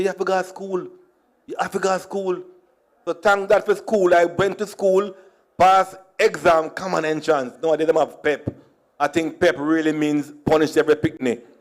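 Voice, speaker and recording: A man from Jamaica with a clear Jamaican accent tells funny stories from his life as a conference speaker. He jokes easily and drops into Patois phrases, in a somewhat high voice. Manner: jokey, slips into Jamaican Patois. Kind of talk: humorous storytelling speech.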